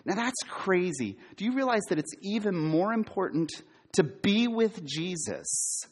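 A middle-aged man preaching a sermon, quizzing his listeners and repeating key words for emphasis, sometimes loud and sometimes hushed. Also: sits high, lively intonation, unhurried, slight background noise. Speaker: preacher, former campus minister.

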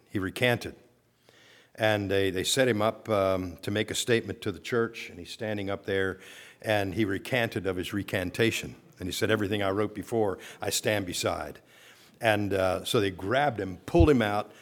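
A man preaching a sermon to his congregation, conversational with frequent fillers and restarts, slowing down to read scripture and lifting his voice on strong declarations. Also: mid-range voice. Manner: rising with emphasis on declarations. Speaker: pastor.

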